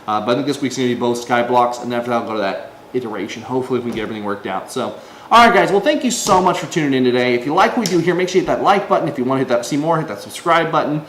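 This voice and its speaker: A man talks through a devotional message in a loose, rambling way, full of fillers and restarts. His pitch swings widely, and he acts out the voices of people he quotes. The room is echoey, with a faint hiss of ambient noise behind him. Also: animated, rapid-fire, a bit bright. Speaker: online preacher. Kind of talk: casual devotional video talk.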